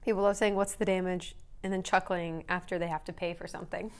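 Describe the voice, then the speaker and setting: A woman's voice: on the low side, steady tone, fast, clean tone. Giggly, chatty young woman on a couch. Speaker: co-host. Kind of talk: casual chat while eating. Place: indoors, on a couch.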